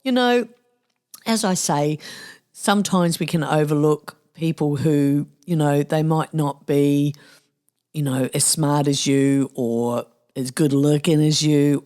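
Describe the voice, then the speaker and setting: Low-voiced New Zealand woman, playful. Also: warm tone. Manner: playful, tongue-in-cheek, chatty. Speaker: podcast host. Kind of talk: casual solo podcast monologue.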